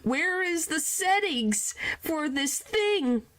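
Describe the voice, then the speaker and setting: A woman's voice: very high-pitched, lively intonation, slow, fairly bright tone. A woman chatting casually with her chat while streaming a game, often exclaiming in surprise.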